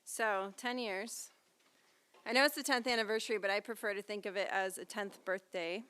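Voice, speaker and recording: A woman with a smooth, resonant voice hosts a live literary evening. She tells playful, self-deprecating stories in a chatty stand-up rhythm, peppered with "um" and "like". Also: medium pitch, steady tone, moderate pace, bright, forceful tone. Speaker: event hostess. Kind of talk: comedic stand-up style hosting. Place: live reading event before an audience.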